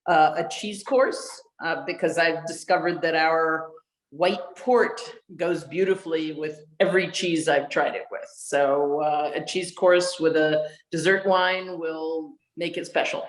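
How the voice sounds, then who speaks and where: A woman who owns a winery, speaking in a measured, friendly way over a video call. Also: low-pitched. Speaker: winery owner. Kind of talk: casual guest talk. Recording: roomy echo on a video call.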